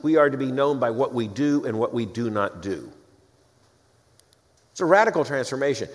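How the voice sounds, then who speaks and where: A man preaching an expository sermon, reading scripture aloud and breaking off for emphatic, wry asides. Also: medium pitch. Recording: long hall reverb.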